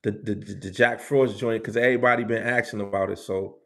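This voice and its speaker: A livestream host from the Bronx talks with viewers in a New York accent, his gravelly voice fairly low, steady, fairly bright, and a little fast. He chats casually, repeats phrases, and uses street slang.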